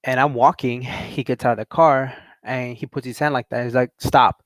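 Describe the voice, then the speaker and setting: A young man rambles through a personal story in a relaxed, unscripted way. He laughs often and gets animated when quoting other people. His voice sits at an ordinary middle pitch, recorded dry and close. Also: brisk, no echo. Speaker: channel host. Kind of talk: casual storytelling rant.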